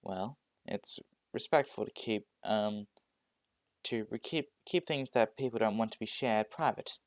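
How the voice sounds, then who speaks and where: A man voicing a quiet, measured young man who speaks softly about keeping secrets. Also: fairly low pitch, gravelly, no room sound. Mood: calm.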